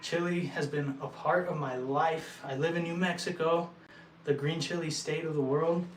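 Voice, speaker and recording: A young man from El Paso, short of breath, talking earnestly to his viewers with halting restarts. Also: fairly high pitch, steady tone, slight background noise. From El Paso, Texas. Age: young adult. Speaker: vlogger. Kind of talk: casual talk to viewers. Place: indoor building site. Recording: echoey room, mic at a distance.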